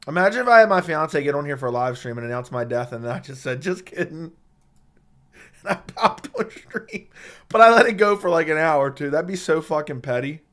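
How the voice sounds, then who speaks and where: A man's voice: on the high side, animated, a little fast, a bit bright. A man with a sore throat chatting casually on a live stream and reading viewer comments, blunt and profane as he trash-talks with chat, into a studio microphone. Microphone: studio dynamic microphone.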